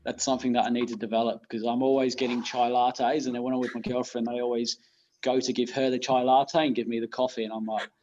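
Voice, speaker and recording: British guest, chatty and self-deprecating, mid-pitch male voice, slightly muffled lo-fi recording. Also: little pitch movement, fast, a little mellow, slight background noise. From United Kingdom. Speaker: guest teacher. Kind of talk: casual podcast chat.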